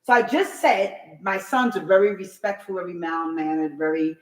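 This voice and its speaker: A woman's voice: fairly low pitch, normal speed, reverberant, poor audio. Emphatic middle-aged New woman. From New York. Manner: emphatic, animated storyteller who acts out other people's lines. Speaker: guest. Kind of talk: talk show storytelling.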